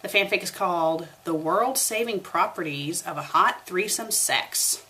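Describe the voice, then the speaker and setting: A woman's voice: fairly low pitch, measured pace, sharp tone. A young woman reading a story aloud for a comedic review, breaking off for sarcastic asides. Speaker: fanfiction reviewer.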